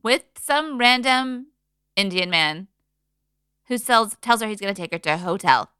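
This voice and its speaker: A young woman co-hosts a casual podcast in a chatty, teasing way. Her pitch swoops widely and her voice is bright and smooth. The sound is dry and close. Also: expressive, moderate pace, no echo. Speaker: podcast co-host. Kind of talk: casual chat.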